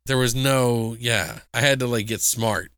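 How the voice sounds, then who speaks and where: A man's voice: mid-range voice, fairly even intonation, a little slow, fairly bright tone, clean tone, no echo, clean studio sound. A man co-hosting a film review podcast, recapping plots in a rambling, profane, casual way. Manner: rambling, profane, acts out quotes in voices. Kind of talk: casual chat.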